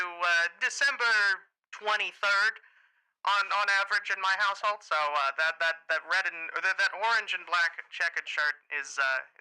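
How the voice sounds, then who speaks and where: A brash old-time radio ad announcer, as a man puts him on, pitched high and piercingly bright. He pushes his voice into a pinched mid-range accent, and an old radio filter thins the sound. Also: clear, resonant tone, heavily acted, poor audio.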